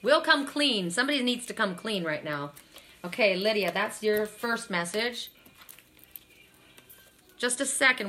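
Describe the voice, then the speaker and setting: A woman's voice: medium pitch, lively intonation, unhurried, pauses often, pushed and bright, a little hiss or hum. A middle-aged woman doing a live card reading, tired and emotional, chatting with viewers and often repeating herself. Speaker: oracle card reader.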